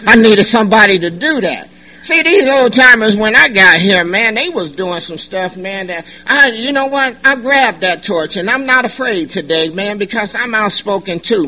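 A middle-aged man giving a personal testimony at a recovery meeting, animated and joking, in loose slangy talk. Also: high-pitched, rough recording. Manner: animated, joking, colloquial, laughs often. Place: meeting room.

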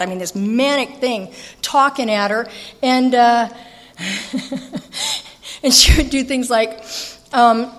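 A woman telling a personal recovery story, talking fast and animated, with self-mocking humor. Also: a little high. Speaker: speaker sharing recovery story. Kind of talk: storytelling talk. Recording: long hall reverb.

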